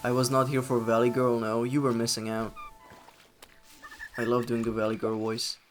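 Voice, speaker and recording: A man casually commenting on his gameplay as a streamer, relaxed, chatty and playful. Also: medium pitch, normal speed, a little hiss or hum.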